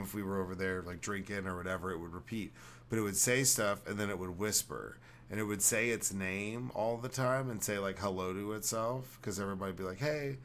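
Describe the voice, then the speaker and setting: A man with a lowish voice chats on a podcast. He rambles through stories with plenty of swearing. Faint noise sits behind him. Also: a bit bright. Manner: rambling, profane, storytelling. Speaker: podcast host. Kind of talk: casual podcast chat.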